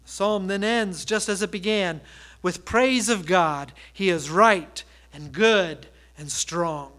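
Man preaching, sermon, high voice, bright and forceful tone, emphatic repeated exhortations, storytelling pastor. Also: slow pace.

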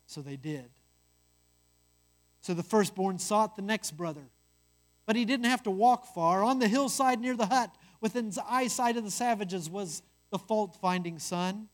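A storyteller narrating a parable in a measured, earnest way. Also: medium pitch.

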